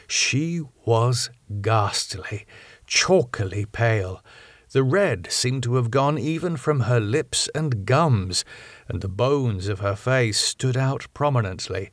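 A man narrating a classic novel in a measured, clear storytelling manner. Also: fairly low pitch, no room sound. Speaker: audiobook narrator. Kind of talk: scripted narration.

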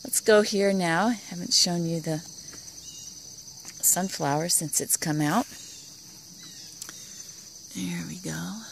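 Low, gravelly-voiced woman touring a garden. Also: steady tone, slow pace, pauses often, noisy background. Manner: admiring, soft-spoken, often drops to a whisper. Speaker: home gardener giving a garden tour. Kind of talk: casual garden tour vlog. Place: outdoor vegetable garden in the morning.

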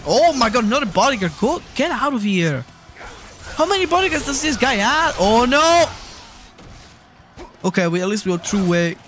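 A streamer giving live commentary over a video game, exasperated and swearing often, with sudden shouts at the screen. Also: mid-range voice.

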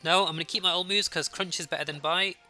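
Brummie Let's Play host, young adult, sniffly, chatty with viewers, bright sharp tone. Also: medium pitch, steady tone, quick pace, faint music behind. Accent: Birmingham. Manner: chatty, talking to viewers while playing. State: sniffly with a runny nose. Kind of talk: casual gameplay commentary.

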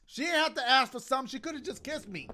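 Male let's-play host, high and very lively, slangy, with game music behind. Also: fast. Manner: animated, slangy, bursts into loud exclamations. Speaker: gaming commentator. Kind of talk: casual let's-play commentary. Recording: game music playing underneath.

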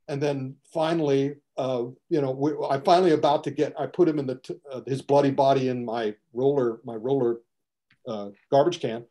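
An older man, a martial arts film critic, telling lively stories in casual chat and acting out the scenes. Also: medium pitch, moderate pace. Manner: animated storyteller acting out scenes.

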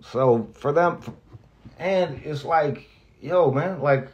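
A man, a radio host, talks candidly and off the cuff, halting and restarting often, with lots of profanity and earnest emotion. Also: fairly high pitch, darkish tone, lo-fi sound. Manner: halting, rambling, heavy profanity, frequent restarts; earnest, emotional about being grateful. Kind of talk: candid off-the-cuff vlog talk.

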